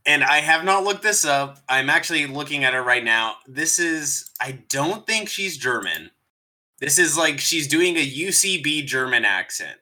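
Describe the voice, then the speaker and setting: A man with a very bright, forceful voice talks through a movie review in loose, casual chat. He is animated, laughs often and swears freely as he sums up the plot. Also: fairly high pitch, normal speed. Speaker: streamer co-host.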